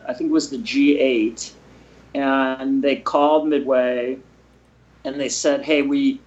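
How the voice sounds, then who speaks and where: An easygoing man hosts a casual chat and works out details aloud as he talks. His voice is mid-pitched. The audio is muffled and lo-fi. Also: slow. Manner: relaxed, conversational, mid-sentence self-corrections.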